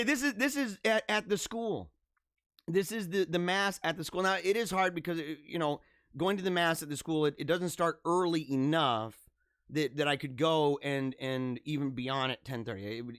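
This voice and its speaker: A man hosting a live show with children at school, chatting in an excitable, rambling way, often laughing and repeating himself. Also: a little high, no echo, studio quality. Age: adult with school-age children. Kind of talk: casual live-stream chat.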